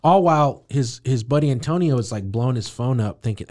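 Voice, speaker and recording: A man's voice: medium pitch, expressive, a little fast, hardly any pauses, mellow, no room sound. A man co-hosting a podcast, casually recapping a comic book plot and acting out the characters' lines as he goes. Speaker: podcast co-host.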